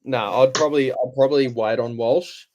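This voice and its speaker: Laid-back Australian stream host. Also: male voice, medium pitch, slight background noise, rough recording. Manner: relaxed, chatty, halting with fillers. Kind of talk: casual live stream chat.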